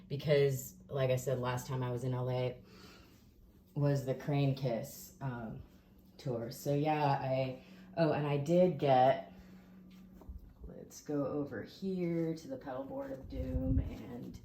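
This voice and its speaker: A woman's voice: a bass voice, slight background noise. A woman musician reviewing shows in a casual, rambling video, often correcting herself as she talks. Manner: rambling, self-correcting, soft-spoken. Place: dim room at home.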